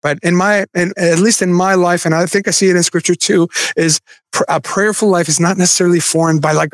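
Male pastor, thirties, relaxed chatty preaching, higher voice, dry recording. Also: brisk, no room sound. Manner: conversational, self-deprecating asides with light laughs. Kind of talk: sermon.

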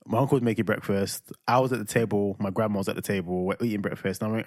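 A man's voice: fairly low pitch, racing, hardly any pauses. A man, co-hosting a casual podcast chat and telling stories with lots of acted-out sounds and laughter. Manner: animated storyteller, acts out voices and sounds, laughs often. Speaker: podcast co-host.

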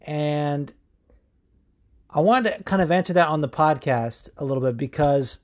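Mellow-voiced man rambling casually. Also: on the high side, measured pace. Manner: rambling and profane, heavy on "like". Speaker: podcast host. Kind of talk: casual chat.

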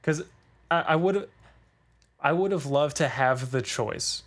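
A young man co-hosting a podcast, arguing his views in casual chat and laughing often. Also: on the high side. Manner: argumentative, laughs often, quick opinions. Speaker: podcast co-host.

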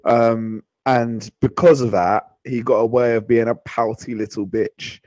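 A man's voice: medium pitch, fairly even intonation, measured pace, darkish tone, no room sound, dull audio. Blunt, teasing man, dry sound. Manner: blunt, teasing, swears freely. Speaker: podcast co-host. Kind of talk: casual sports chat.

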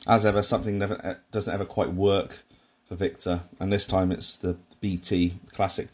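A man's voice: deep voice, little pitch movement, moderate pace, a little mellow. A man giving a casual, rambling commentary on a sitcom episode, with frequent restarts and asides. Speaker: podcast host reviewing a sitcom.

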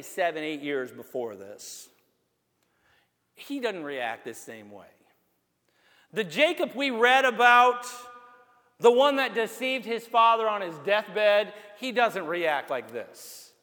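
A man preaching as pastor, reading scripture slowly and building to emphatic, shouted appeals. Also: high-pitched, lively intonation, long reverb tail. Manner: preaching with rising emphatic outbursts; slow, deliberate delivery. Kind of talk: sermon.

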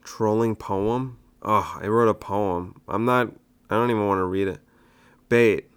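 A man's voice: on the low side, fairly even intonation, moderate pace, a bit bright, smooth. A young adult man, a stand-up comedian hosting his own show, rambling casually and mocking his own old jokes. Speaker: stand-up comedian and podcast host. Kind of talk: casual solo podcast monologue.

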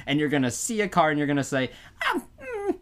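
A woman's voice: deep voice, lively intonation, racing. Woman, podcast co-host, casual comedic chat, laughs often, acts out silly scenes.

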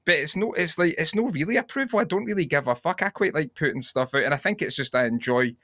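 Bright-voiced Scottish man musing sweary. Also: on the high side, animated, quick pace, no echo, clean studio sound. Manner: rambling, sweary, reflective. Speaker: podcast co-host. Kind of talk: casual chat.

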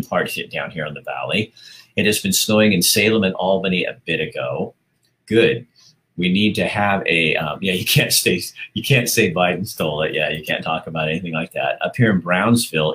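Low-voiced chatty man hosting a livestream. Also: fairly bright tone. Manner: chatty, laughs often, reads comments aloud. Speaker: livestream host reading viewer comments. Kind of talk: casual live-stream chat.

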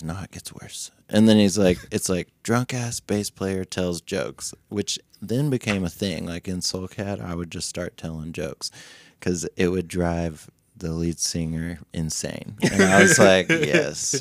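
A man's voice: low voice, a little mellow, no room sound, clean studio sound. A man, a podcast guest, telling a long story in casual chat, acting out the voices and laughing often, with a loose manner that swears freely. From Nashville music scene.

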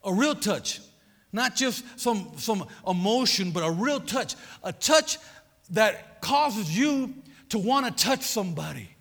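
A man preaching a sermon, repeating his phrases with emphasis and prodding the congregation with quick questions. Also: high voice, expressive, fairly bright tone. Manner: repetitive, emphatic, prods the audience with "huh?". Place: church sanctuary. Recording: long hall reverb.

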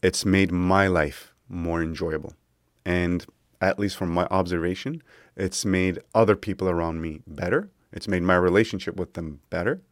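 A man in his thirties talks through his podcast in a reflective, conversational way, adding small asides as he goes. His voice sits very low, and the sound is dry and close. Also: fairly even intonation, moderate pace, dry recording. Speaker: podcast host. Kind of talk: solo podcast monologue.

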